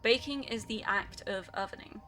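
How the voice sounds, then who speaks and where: A woman's voice: medium pitch, moderate pace, pushed and bright. A young woman streaming a game, chatting casually and rambling through stream chat with lots of fillers.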